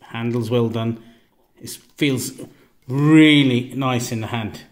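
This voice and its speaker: A man casually reviewing a knife outdoors, relaxed and rambling, often repeating himself and trailing off into a quiet murmur. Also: medium pitch, takes it slowly. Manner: relaxed, repeats himself, stumbles over words. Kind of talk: casual product review vlog.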